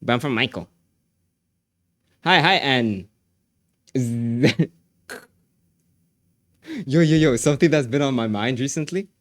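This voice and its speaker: A male livestreamer chats loosely with his viewers in an excitable, rambling way, looping the same phrases over and over. His voice sits at an ordinary middle pitch. The sound is dry and close, with no room echo. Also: slow pace, long pauses. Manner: excitable, repeats phrases, laughs often. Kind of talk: casual chat with viewers.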